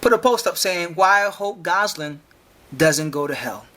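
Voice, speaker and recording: A man's voice: sits high, lively intonation, normal speed, pushed and bright. A man hosting a solo podcast, arguing emphatically, repeating himself and firing rhetorical questions, stumbling over repeated words. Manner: repetitive, challenging with rhetorical questions. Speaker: podcast host. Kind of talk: argumentative solo podcast monologue.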